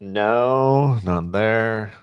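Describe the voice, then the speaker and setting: A fairly low-pitched man hosts a live stream. He thinks aloud as he plays a trivia game and chats to his viewers in a relaxed, offhand way. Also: drawn-out words, clear, resonant tone, muffled recording. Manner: talks to chat. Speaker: podcast host.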